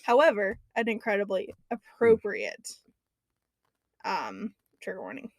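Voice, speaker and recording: A woman's voice: medium pitch, very animated, unhurried, no echo. A young woman hosting a casual podcast, chatty and loose, with frequent ums and casual swearing. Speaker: podcast host.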